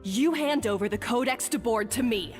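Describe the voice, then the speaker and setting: An actress playing a defiant young head chef in a video game, prickly and defensive. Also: female voice, fairly high pitch, moderate pace, big-room sound, faint music behind, close to an everyday voice.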